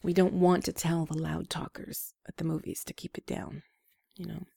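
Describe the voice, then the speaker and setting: Female host, advice talk, low and gravelly, mellow tone, gentle self-deprecating delivery. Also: level tone, normal speed, no echo, clean studio sound.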